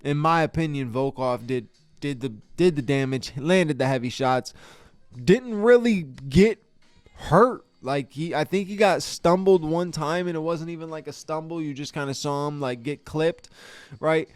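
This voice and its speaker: A man's voice: on the high side, measured pace, smooth, dry recording, faint music behind. A man hosting a podcast, giving a casual fight review in an exasperated, profane way, stammering and restarting his sentences. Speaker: podcast host. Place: podcast studio.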